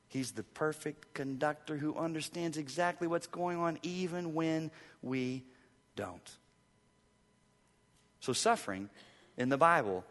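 A male pastor preaching a sermon, swinging between hushed, slow asides and impassioned, rising appeals. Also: on the high side, big-room sound.

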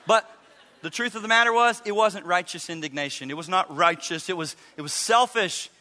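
A middle-aged man preaching a sermon as a pastor, telling a story with animated acted-out quotes. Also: sits high, fairly quick. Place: church sanctuary. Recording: reverberant live church hall.

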